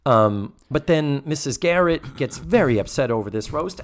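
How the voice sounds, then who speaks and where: Male podcast co-host, lively sitcom recap, swings wide in pitch, salty. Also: moderate pace. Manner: animated, acts out quotes, swears freely. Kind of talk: casual chat recapping a sitcom episode.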